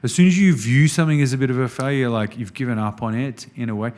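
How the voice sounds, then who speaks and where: An Australian man guesting on a podcast, telling business stories in a casual, animated way and often saying "man". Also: medium pitch, quick pace. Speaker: restaurant executive guest.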